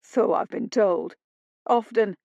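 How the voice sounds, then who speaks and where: Woman doing a smug sarcastic rogue guy, slow drawl, flat dead-dry sound. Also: mid-range voice, gravelly, no echo. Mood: sardonic. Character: sneering roguish man, mocking and sardonic. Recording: dull dry lo-fi studio read.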